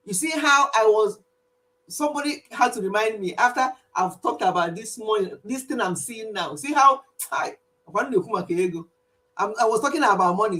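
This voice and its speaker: Animated Nigerian woman chatting on a live stream. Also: on the high side. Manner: animated and emphatic, repeats herself, laughs often. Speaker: YouTube channel host.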